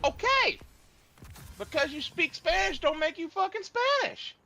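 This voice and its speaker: A man's voice: extremely high pitch, unhurried, gravelly. A man streaming a game, telling stories in casual, profane chat with friends. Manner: profane, animated storyteller.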